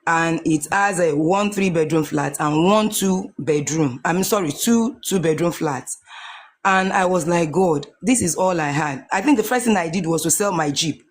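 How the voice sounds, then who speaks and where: A woman's voice: fairly low pitch, moderate pace. A Nigerian woman in her forties giving an emotional personal testimony, earnest and repeating her phrases as she goes. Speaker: guest sharing a testimony.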